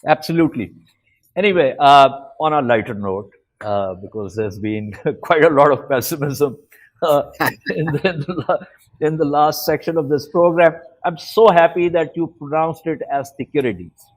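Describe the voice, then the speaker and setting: A man hosting a current-affairs discussion, relaxed and chatty, with frequent fillers as he speaks. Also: on the high side, normal speed. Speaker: host.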